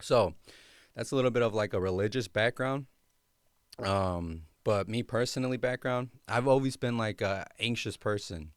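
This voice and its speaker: A man's voice: on the low side, moderate pace, clean tone, dry recording, studio quality. A young man hosting a podcast, telling his personal story in a casual, slangy way with lots of fillers. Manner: laid-back, slangy, many fillers. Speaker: podcast host.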